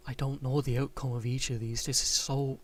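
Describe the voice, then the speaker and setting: A man's voice: mid-range voice, flat delivery, a little fast. A man playing a visual novel game, reading its narration aloud with frequent restarts and casual asides. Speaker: game streamer.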